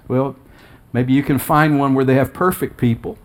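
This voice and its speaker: A man in his sixties, a pastor giving an earnest, personal sermon that rises in pitch and emphasis when he quotes scripture. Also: sing-song, normal speed. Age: 60s.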